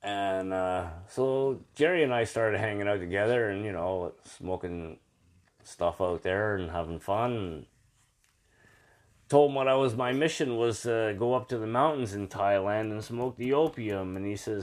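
Canadian man, casual storyteller, rambling and profane, lowish pitch. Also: moderate pace. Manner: rambling, swears freely, many fillers. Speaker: guest telling travel stories.

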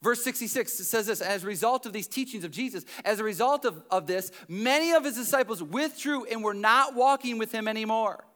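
A man preaching a sermon, animated and emphatic, dropping to quiet asides and near-whispers between loud passages. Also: high-pitched, brisk, few pauses. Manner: conversational asides with the congregation.

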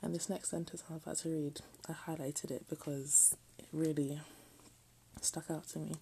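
A woman reading a text aloud in a soft, often half-whispered voice, breaking off for self-mocking jokes. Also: deep voice, little pitch movement, normal speed, gravelly, a little hiss or hum, poor audio. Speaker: reader.

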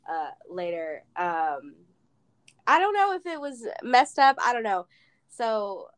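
A woman's voice: mid-range voice, smooth. A woman chatting casually, laughing often and filling her talk with "like". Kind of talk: casual chat.

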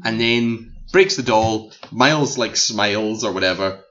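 Animated Scottish man reviewing a film. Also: fairly low pitch, a little slow, muffled recording. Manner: animated, acts out scenes and the movie as talking characters. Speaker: film podcast co-host. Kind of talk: casual film review chat.

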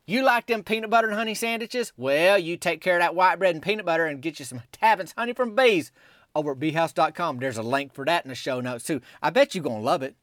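A man hosting a podcast. He tells rambling comic stories in a folksy, deadpan, meandering way. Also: fairly high pitch, fast talker, no room sound, studio quality. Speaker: podcast host.

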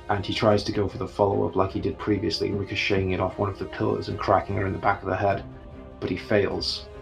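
Man, game master, narrating, gravelly, low, unhurried.

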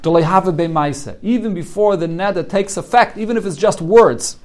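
A man's voice: high voice, fairly quick, a little mellow. A man teaching a Talmud class in English with Yeshivish terms, translating the Aramaic text line by line and explaining it as he goes. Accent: English with Yeshivish Hebrew and Aramaic terms. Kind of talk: daily Talmud study class.

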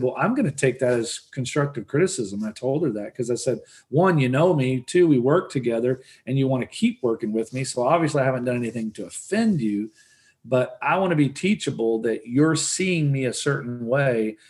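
A man's voice: mid-range voice, lively intonation, fairly quick, darkish tone. Earnest middle-aged man, plain speaking. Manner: earnest, repeats words often when starting a thought. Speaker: real estate investor guest. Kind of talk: conversational interview answer.

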